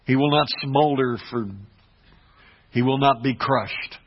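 Male pastor, dynamic sermon delivery, slightly husky, muffled low-fi recording. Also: fairly even intonation, slow. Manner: dynamic preaching, swings from hushed to emphatic. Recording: dull lo-fi recording.

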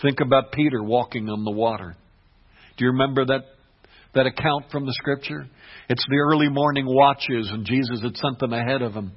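Husky-voiced man preaching a sermon. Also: medium pitch, brisk. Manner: dynamic preaching, swings from hushed to emphatic. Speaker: pastor. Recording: dull lo-fi recording.

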